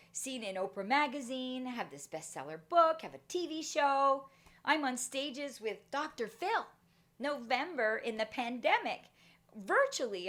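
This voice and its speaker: A middle-aged woman giving a motivational talk, telling a personal story and acting out the voices in it. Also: fairly high pitch. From Canada. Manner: animated, acts out voices in her story. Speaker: motivational speaker.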